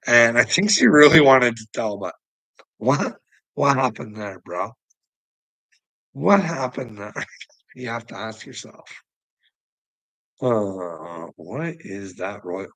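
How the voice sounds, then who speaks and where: Speaking slowly with long pauses, this Canadian-accented livestream host is very animated, answering his chat with a crude, casual rant full of swearing and laughter. His mid-range voice has a fairly bright tone. The audio is poor and dry.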